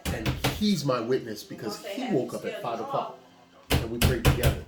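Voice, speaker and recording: A man's voice: medium pitch, big pitch swings, moderate pace, over loud music. Man preaching in an echoey room. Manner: conversational, exhortative, speaks straight to a listener. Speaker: pastor. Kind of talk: informal preaching to a gathering. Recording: echoey room with a crowd behind.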